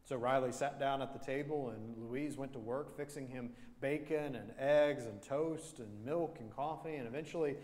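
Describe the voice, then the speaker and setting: A man's voice: mid-range voice, normal speed, hardly any pauses, a little mellow. A male pastor preaching an earnest sermon, telling a story and repeating key phrases for emphasis. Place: church sanctuary. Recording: long church reverb.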